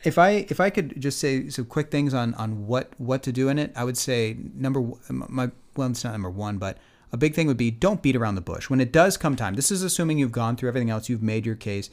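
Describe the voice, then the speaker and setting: A man's voice: medium pitch, animated, quick pace, hardly any pauses. A man co-hosting a podcast, giving earnest advice in casual chat, often restarting and repeating his main point. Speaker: podcast co-host.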